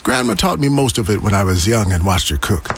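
Gravelly, lively dad for a radio ad, patient, teaching his kid the family recipe. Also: lowish voice, a little fast. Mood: gentle. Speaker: father in a radio ad. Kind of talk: scripted radio ad dialogue.

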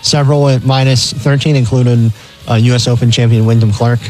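A man's voice: medium pitch, fairly even intonation, a little fast, a little mellow, soft background music. A man co-hosting a sports radio show, steadily reading matchups and odds with some fillers. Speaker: radio co-host reading betting lines. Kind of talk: casual sports betting chat.

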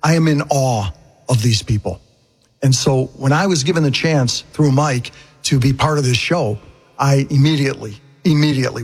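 A man's voice: medium pitch, slightly rough. A man appearing as a guest on a radio interview, speaking earnestly and from the heart.

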